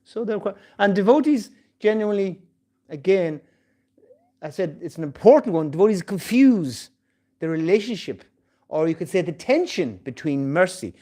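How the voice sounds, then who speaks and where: Man, temple class speaker; lively pitch, somewhat high; storytelling with playful acted voices. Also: moderate pace. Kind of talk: scripture class talk. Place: temple hall.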